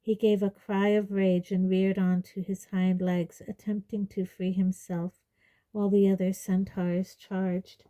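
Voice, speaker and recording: A woman reading a fantasy novel aloud in a measured audiobook narration. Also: medium pitch, level tone, mellow, rough recording. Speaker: reader.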